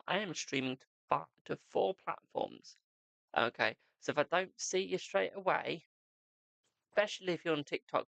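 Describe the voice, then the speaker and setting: A man's voice: fairly high pitch, creaky, fairly bright tone, no room sound. Chatty man reading tarot live. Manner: chatty, greets viewers, calls them "my darling". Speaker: tarot reader and live streamer. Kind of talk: live-stream chat and card reading. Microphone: desk microphone.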